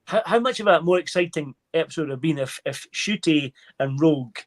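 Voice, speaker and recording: Fast-talking frustrated man. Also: on the high side, expressive. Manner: frustrated, agreeing. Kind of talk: casual chat.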